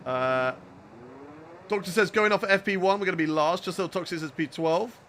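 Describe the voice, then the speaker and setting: Man, southern English accent, gaming streamer, energetic, jokey, bright forceful voice, slightly high. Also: a little fast, slight background noise. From southern England. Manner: energetic, jokey, chats to viewers. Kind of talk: live gameplay commentary chatting with viewers.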